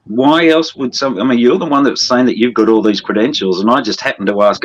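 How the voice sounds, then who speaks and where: A man's voice: medium pitch, fairly quick, lo-fi sound, a little hiss or hum. A man with an Australian accent, arguing on a livestream, swearing a lot and pressing with pointed questions. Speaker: livestream guest. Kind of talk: heated livestream argument.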